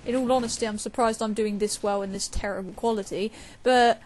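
A woman's voice: medium pitch, steady tone, brisk, darkish tone, a little hiss or hum. A young woman, chatting casually and raging while she plays a shooter game. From England. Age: young adult. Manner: chatty, swears and rages at the game. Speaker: gamer. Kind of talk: casual gameplay commentary.

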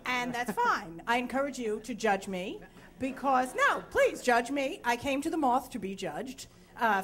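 A woman's voice: a little high, fairly bright tone. A woman in her thirties telling a frank, self-deprecating comic story on stage before a live audience, sounding sleep-deprived.

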